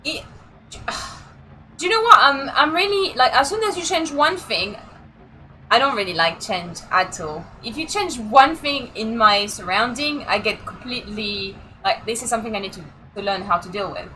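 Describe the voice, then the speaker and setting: A woman's voice: on the high side, lively intonation, normal speed, a little hiss or hum, low-quality recording. A young woman streaming a rally game, chatting casually, criticizing her own driving and crying out at her mistakes. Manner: self-critical, exclaims loudly at mistakes. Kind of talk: casual gaming commentary.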